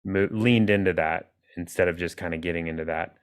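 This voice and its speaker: A man hosting a podcast interview, speaking in a relaxed, rambling, affirming way. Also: sits low, brisk, clear, resonant tone. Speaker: podcast host. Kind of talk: conversational interview.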